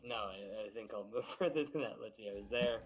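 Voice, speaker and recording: A man's voice: lowish voice, brisk, low-quality recording. A man playing a tabletop game, talking casually and hesitantly with many uhs. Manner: hesitant, joking, with laughs between words. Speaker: player. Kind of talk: casual tabletop gaming chat.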